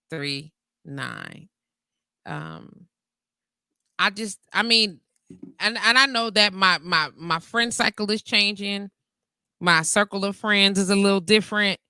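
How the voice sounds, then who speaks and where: Animated woman hosting live radio. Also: mid-range voice, gravelly, smooth, dry recording. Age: 40s. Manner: candid, animated, laughs often, reads comments aloud. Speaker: internet radio talk show host. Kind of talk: casual live call-in show chat.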